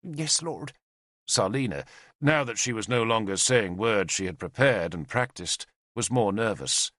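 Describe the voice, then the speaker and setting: A man's voice: fairly low pitch, moderate pace, fairly bright tone, no echo, clean studio sound. A man narrating an audiobook expressively, voicing every character. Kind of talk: scripted narration.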